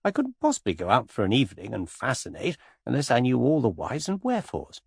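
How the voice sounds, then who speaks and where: A breezy young society woman, witty and lightly mocking, spoken softly with lively rises and dips, as a male audiobook narrator voices her. The voice is husky and close, in a dry space. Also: mid-range voice, quick pace, no echo, heavily acted. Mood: teasing. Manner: airy, teasing, softly amused.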